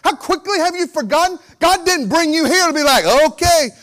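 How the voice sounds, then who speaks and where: High-voiced man preaching with swings in volume. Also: a little fast. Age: 40s. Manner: lively preaching that acts out the story characters, swinging from loud to quiet. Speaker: pastor. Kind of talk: sermon.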